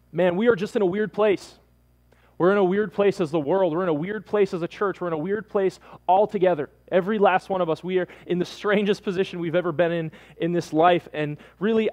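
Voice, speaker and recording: A male pastor delivering a sermon to listeners at home, repeating his points for emphasis and often calling them "man". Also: a little high.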